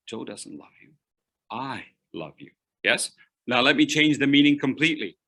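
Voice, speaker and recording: A man coaching public speaking in an online workshop, playful, with dramatic pauses, swinging from loud to hushed. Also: on the low side.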